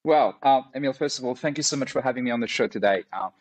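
A man from Mauritius with a French accent, French his first language, a martial arts instructor chatting as an interview guest, laughing often and pausing with fillers. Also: medium pitch, a little mellow, rough recording. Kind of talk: casual interview conversation.

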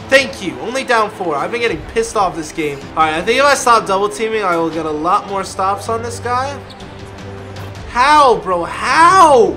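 A young man commentating his own basketball video game play, excitable and yelling at his players, then dropping to a mutter. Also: high voice. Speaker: gaming video creator. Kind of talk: live gameplay commentary.

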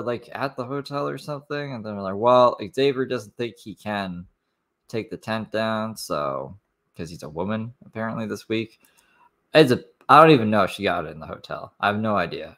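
A man's voice: mid-range voice, pushed and bright. A man giving sarcastic, incredulous commentary on a live stream.

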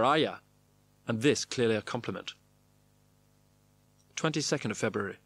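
Man reading a wry diary. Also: medium pitch. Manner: clipped, wry diary-style phrasing. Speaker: narrator. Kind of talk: reading a memoir diary aloud.

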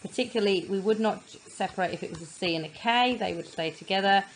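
A woman tutor explaining how to divide words into syllables, sounding words out slowly and patiently. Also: medium pitch, slight background noise, low-quality recording. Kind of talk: phonics lesson explanation.

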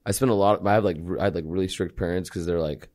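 A young man from California, a guest in casual chat on a podcast. His voice sits on the low side. He tells stories in a relaxed, profane, laugh-filled way. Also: rapid-fire. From California, USA. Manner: laid-back profane storytelling, laughs often.

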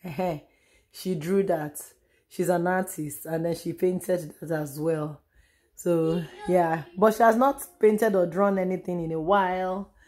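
A woman with a Nigerian accent chatting casually in a home vlog, her voice hoarse and strained as she loses it. She repeats herself and trails off with sighs. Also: on the low side, unhurried, darkish tone. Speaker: vlogger. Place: room at home.

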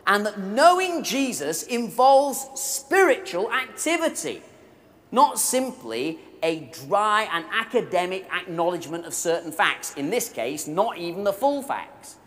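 A man's voice: high-pitched, big pitch swings, unhurried, a bit bright. A man preaching a sermon at a conference, telling stories with humour and appealing directly to his audience. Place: large hall at a conference event. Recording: live recording in a reverberant hall.

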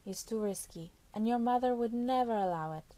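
A woman's voice: a little high, fairly quick, mellow, dry recording, pitched above the performer's own voice, lightly acted. A woman voicing a teasing, motherly middle-aged female nurse in an audiobook, scolding lightly. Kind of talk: audiobook character voice.

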